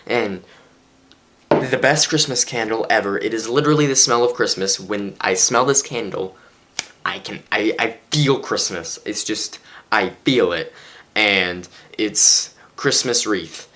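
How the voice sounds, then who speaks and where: A man's voice: on the low side, a little slow, bright, forceful tone. A tired teenage boy rambling chattily through a casual daily vlog from his bedroom, poking fun at himself. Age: teens. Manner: rambling, chatty, self-mocking. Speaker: vlogger.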